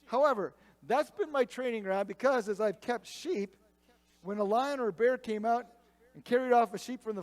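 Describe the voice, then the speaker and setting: A man's voice: very high-pitched, long reverb tail. A pastor voicing a bold young shepherd who brags about his fights during a sermon retelling. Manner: boastful, emphatic.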